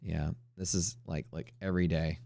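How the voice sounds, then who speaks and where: A man's voice: sits low, steady tone, normal speed, vocal fry, dark tone, a little hiss or hum. Laid-back joking man on a livestream. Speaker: day-trading streamer host. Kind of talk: casual livestream chat.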